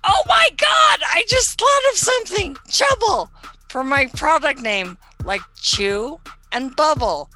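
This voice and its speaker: A woman playing a ditzy young stoner who sells edibles, with spacey valley-girl chatter that breaks into shrill outbursts. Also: expressive, slow pace, hardly any pauses, sharp tone, soft background music, full character voice. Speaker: comedy sketch character. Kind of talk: comedic character monologue.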